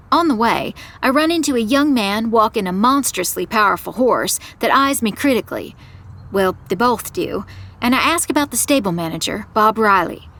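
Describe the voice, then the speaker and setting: A woman giving first-person scripted narration of an audio drama in a measured storytelling manner. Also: medium pitch, a bit bright, no room sound.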